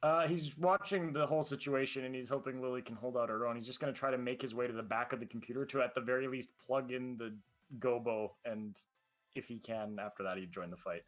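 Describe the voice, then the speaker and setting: Man, player, third-person action talk with pauses, soft music bed behind. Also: mid-range voice, steady tone. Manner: describes his character's actions in third person, with halting fillers. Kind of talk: casual tabletop play.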